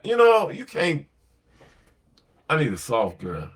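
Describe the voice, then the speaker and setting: A man's voice: a little high, huge pitch swings, a little slow, a bit bright. A man talking on a late-night podcast in a blunt, slangy, emphatic way, telling stories and giving opinions. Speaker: podcast host.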